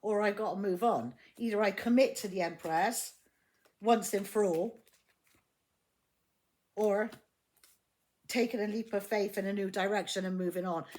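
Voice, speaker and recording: A woman's voice: medium pitch, measured pace, long pauses, darkish tone, close to an everyday voice. A woman voicing a cold, stubborn man who won't commit, speaking defiantly and swearing. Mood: pleading.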